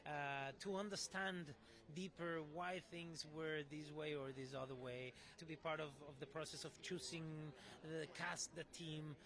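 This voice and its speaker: A man's voice: fairly high pitch, steady tone, unhurried, a crowd in the background. A man speaking in an interview clip, hesitant, with many restarts and fillers. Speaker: actor in an interview. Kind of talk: interview answers.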